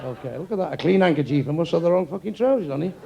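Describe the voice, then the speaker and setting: A man's voice: fairly high pitch, lively intonation, racing, gravelly, very noisy. A man, telling crude jokes in a brash stand-up routine. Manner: crude, brash, swears freely. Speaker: stand-up comedian.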